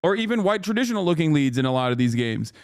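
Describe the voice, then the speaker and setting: A male streamer gives loud, profane reaction commentary with an exasperated edge. His voice sits high for a man and swings up and down as he rants. The sound is close and dry, with no room in it. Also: quick pace, dry recording. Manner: profane, animated and exasperated, with frequent restarts. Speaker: streamer host.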